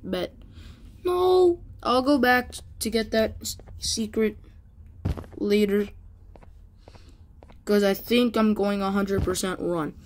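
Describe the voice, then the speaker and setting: A woman's voice: mid-range voice, slow, pauses often, slight background noise. A woman giving casual let's play commentary, exasperated and exclaiming as she complains about the game's controls. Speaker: gamer.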